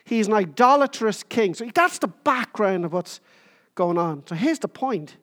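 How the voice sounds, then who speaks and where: A woman preaching a sermon, emphatic, with short repeated phrases and pauses. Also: lively intonation. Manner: jokes about squeaking into a higher voice.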